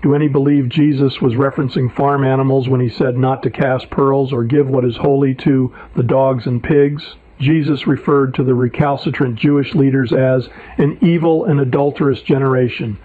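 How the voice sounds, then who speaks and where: A man's voice: mid-range voice, fairly even intonation, normal speed, no room sound. A man preacher reading his own sermon paper aloud, emphatic and indignant. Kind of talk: read sermon narration. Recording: tinny phone-like audio.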